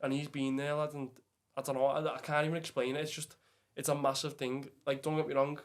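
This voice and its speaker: Rambling Scouse lad, flat monotone. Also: male voice, a little high, a little fast. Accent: Liverpool Scouse. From England. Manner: rambling, heavy with fillers and swearing, says "lad" often. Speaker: podcast guest. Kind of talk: casual chat.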